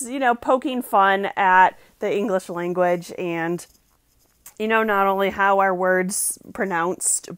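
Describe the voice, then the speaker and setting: A woman's voice: mid-range voice, no room sound. A woman giving a casual, chatty book review and reading passages aloud.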